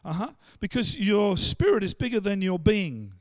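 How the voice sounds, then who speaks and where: Animated high-voiced Australian male pastor. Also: normal speed, no room sound. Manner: animated, acts out quoted voices, stammered restarts. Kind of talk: sermon.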